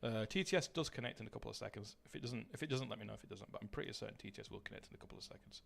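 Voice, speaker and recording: A man's voice: fairly low pitch, very fast, creaky, a bit bright. A man chatting casually to his live-stream audience while gaming, rambling, swearing and greeting viewers by name.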